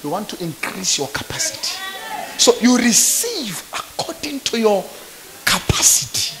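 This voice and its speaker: A man's voice: very high voice, huge pitch swings, normal speed, a crowd in the background. A man preaching a fervent conference sermon, throwing call-and-response questions to the congregation. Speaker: pastor. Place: church conference.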